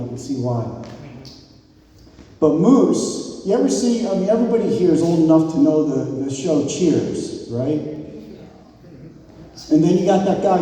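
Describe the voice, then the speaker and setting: At a wedding reception, a man in his fifties gives a rambling toast as the groom's old friend, joking, turning sentimental, and shouting out crowd cheers. His voice is a little high, and the mic picks him up from a distance in an echoey hall with slight background noise.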